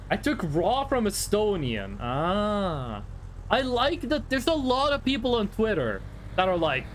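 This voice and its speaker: Young norwegian guy on stream, rambly jokey chat, high voice that jumps around a lot. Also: sing-song, a little slow, slight background noise. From Norway. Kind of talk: casual live-stream chat while gaming.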